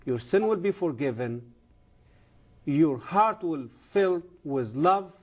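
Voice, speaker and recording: A middle-aged man speaks as a TV interview guest, his English halting and earnest. His voice sits fairly high for a man yet sounds dark and mellow. He leans into key words with emphatic conviction. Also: animated. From Egypt. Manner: earnest, emphatic, halting non-native grammar. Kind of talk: testimony and preaching on a TV interview.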